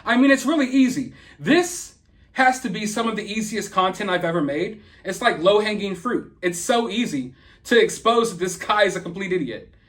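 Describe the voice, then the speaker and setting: A man's voice: sits high, animated, normal speed, a bit bright. A man with a Southern US accent from the American South, delivering a heated, confrontational commentary rant to viewers. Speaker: YouTube commentator.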